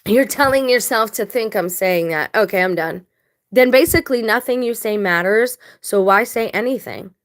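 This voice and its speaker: A woman's voice: medium pitch, normal speed. A woman vlogging casual commentary to her viewers, blunt and emphatic, talking straight to the audience. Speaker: video blogger.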